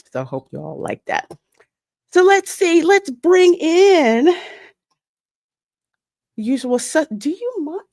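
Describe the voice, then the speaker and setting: A woman's voice: on the low side, creaky, no echo, clean studio sound. A woman hosting a live podcast, chatting casually and telling stories with laughs. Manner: animated, laughing storyteller. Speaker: podcast host. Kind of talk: casual live-stream chat.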